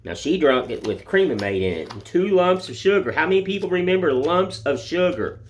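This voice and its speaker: A man's voice: a little high, lively intonation, a little fast. Guy rambling folksy while he whittles, filmed on his phone. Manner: folksy, rambling, plain-spoken. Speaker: woodcarving vlogger. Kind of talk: casual chat while whittling. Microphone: phone camera.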